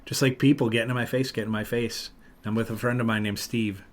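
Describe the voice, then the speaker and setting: A man hosting a podcast, telling a long story in casual chat and loudly acting out what people said. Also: medium pitch, quick pace. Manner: animated, acts out loud quotes of other people. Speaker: podcast host.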